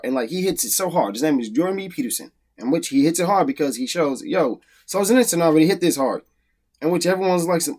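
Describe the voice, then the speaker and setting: A man hosting a political commentary video, ranting bluntly, swearing often and repeating his points for emphasis. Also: high voice. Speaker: comedian. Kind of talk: profane political rant to camera.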